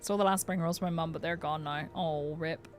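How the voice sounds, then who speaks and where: A woman's voice: deep voice, steady tone, quick pace, soft background music. A woman live-streaming a video game, chatting casually and reading out chat messages with frequent laughs. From United Kingdom. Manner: chatty, giggly, reads chat aloud.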